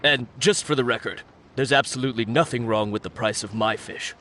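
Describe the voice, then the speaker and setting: A man's voice: mid-range voice, brisk, sharp tone, a little hiss or hum, lightly acted. A man voicing a defensive middle-aged fish seller in video game dialogue, hedging and falsely modest.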